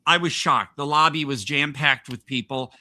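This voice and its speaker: A man with a fairly high, very bright and sharp voice tells a story on a casual podcast. He talks in an animated way and laughs between lines. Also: normal speed. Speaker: podcast host. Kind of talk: casual chat, anecdote telling.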